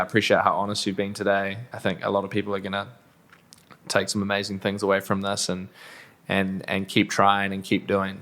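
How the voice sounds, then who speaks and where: A man hosting a podcast interview, asking thoughtful questions in a measured way. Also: fairly low pitch, a bit bright. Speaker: podcast host.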